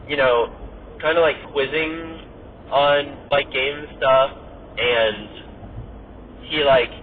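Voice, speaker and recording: A man hosting a podcast, chatting casually in a rambling way, full of "like" and "you know". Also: medium pitch. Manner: rambling, filler-heavy, lots of "like" and "you know". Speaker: podcast host. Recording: tinny phone-like audio with faint noise.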